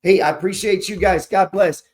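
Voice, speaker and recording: Rambling, profane man with a higher voice. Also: fairly even intonation, normal speed. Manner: rambling, profane, storytelling with slang. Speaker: investing channel host. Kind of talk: casual motivational talk to camera.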